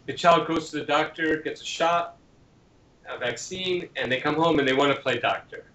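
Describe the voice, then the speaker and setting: A man's voice: a little high, moderate pace. A man, a parenting author, answering interview questions and acting out the voices of children and parents as he gives examples. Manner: animated storyteller who acts out children's lines. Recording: dull lo-fi sound in an echoey room.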